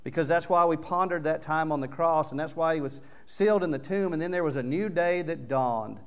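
Emphatic male preacher with a smooth voice. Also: on the high side, brisk. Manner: earnest, emphatic preaching with loud swells on key words. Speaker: pastor. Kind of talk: sermon. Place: church sanctuary.

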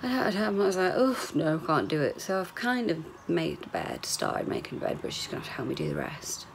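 Woman, forties, candid rambling video diary, low voice, gravelly. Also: wildly swooping pitch, quick pace, a little hiss or hum. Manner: rambling, candid, swears, whispers asides. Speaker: vlogger.

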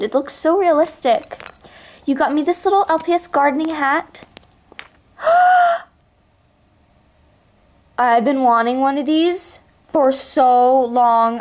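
A young woman vlogging an unboxing of toys she got in trades, gushing and excitable, often gasping with delight. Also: sits high. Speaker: toy collector vlogger. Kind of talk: unboxing vlog.

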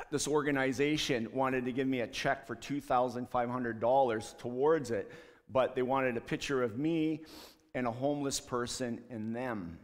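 Earnest man telling a story in church. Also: mid-range voice. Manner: earnest storytelling, acts out quoted dialogue. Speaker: street ministry leader. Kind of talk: testimony talk in church. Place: church sanctuary. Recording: long church hall reverb.

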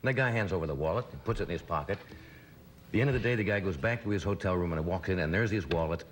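A man's voice: sits low, fast, slight background noise. A man hosting a talk show, chatting casually and telling a meandering story. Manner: relaxed, meandering storytelling with restarts. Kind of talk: casual chat. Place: television studio.

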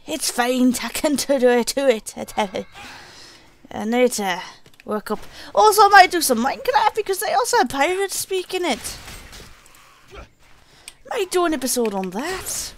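A woman's voice: high voice, big pitch swings, measured pace, pauses often. A woman giving chatty, sweary let's-play commentary, slipping into a mock pirate lilt. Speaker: gaming channel host.

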